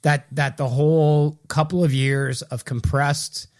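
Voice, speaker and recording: On a casual hockey podcast, a male co-host who writes about hockey speaks a little slowly in a rather high voice that barely moves in pitch. He rambles loosely, repeatedly restarting and correcting himself.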